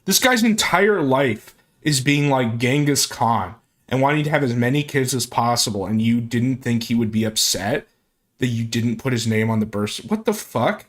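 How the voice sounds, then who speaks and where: A man's voice: medium pitch, fairly even intonation, normal speed. Sarcastic man reacting to a clip. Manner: sarcastic, incredulous asides. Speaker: streamer reacting to a video. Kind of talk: casual reaction commentary.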